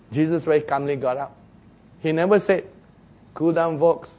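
A man preaching a sermon as pastor, telling the story in an animated way, acting out the quoted voices and chuckling at his own jokes. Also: on the high side, normal speed, long pauses.

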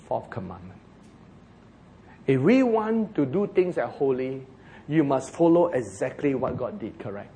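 A man preaching a sermon in a Singaporean English accent. He is animated and joking, and he slows down for emphasis. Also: mid-range voice, slight background noise.

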